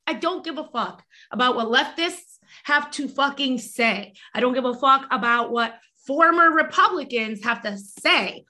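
A woman co-host with a high, bright, forceful voice. She talks bluntly and with exasperation, swearing freely as she tells people off. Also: animated, a little slow, few pauses. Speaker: podcast co-host. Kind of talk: heated casual panel chat.

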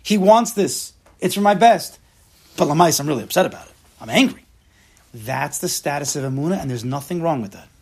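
A man's voice: on the high side, expressive, fairly quick, gravelly, breathy edge. A man teaching a class, emphatic, mixing Hebrew terms into his English. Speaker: Torah teacher. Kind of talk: lecture to a class.

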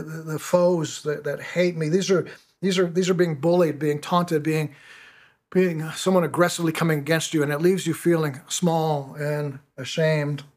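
A middle-aged man preaching a sermon as pastor, often stumbling and repeating words as he restarts his phrases. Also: fairly high pitch.

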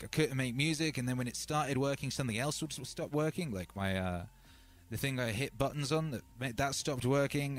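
A man hosting a live music stream, rambling in casual chat and calling out to viewers as brothers and sisters. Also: medium pitch.

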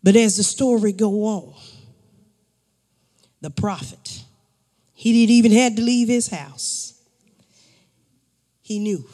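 A man preaching a sermon, repeating phrases in call-and-response style and rising to shouts. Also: high voice, takes it slowly, long pauses. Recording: long hall reverb.

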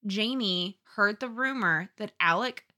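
A young adult woman co-hosting a book podcast, gushing and chatty as she recaps the story. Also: medium pitch. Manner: expressive, gushing, quick to laugh. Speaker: podcast co-host. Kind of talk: casual book-discussion chat.

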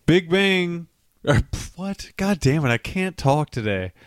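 A man on a casual podcast reads strange news stories aloud, tripping over words and laughing at his own mistakes. His voice is smooth and resonant, recorded close and dry with no room sound. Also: on the high side, animated, unhurried, no room sound. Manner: stumbling, laughing reader, swearing at his own slips. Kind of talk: casual chat, reading articles aloud.

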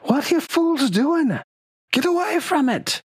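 A man's voice: high voice, sing-song, takes it slowly, gravelly, slightly rough, dry recording, studio quality, voice pushed up, full character voice. Man doing a fierce, shrieking female healer. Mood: alarmed. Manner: urgent, commanding shouts.

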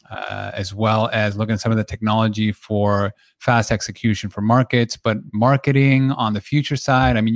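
A man's voice: lowish voice, no room sound. A man co-hosting a casual podcast interview, asking loose, rambling questions. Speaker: co-host.

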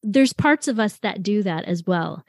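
Woman therapist guest, expressive chatty explainer, medium voice, dry close recording. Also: medium pitch, normal speed, no room sound. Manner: expressive, acts out voices in her examples. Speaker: guest, therapist and supply teacher. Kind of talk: candid casual conversation.

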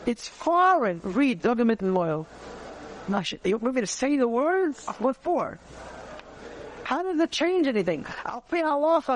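A man, teaching a conversational Torah class, animated and repeating phrases as he searches for words. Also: extremely high pitch, a little hiss or hum.

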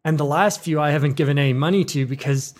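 A man whose voice sits a little high talks casually on a podcast. He rambles at length and links one thought to the next without a break. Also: fast. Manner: rambling, chatty.

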